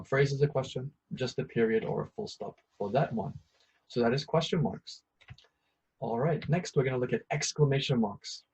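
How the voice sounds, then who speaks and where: A man's voice: mid-range voice, breathy edge, poor audio. A man teaching an English grammar lesson, patiently repeating each point with a few ums and uhs.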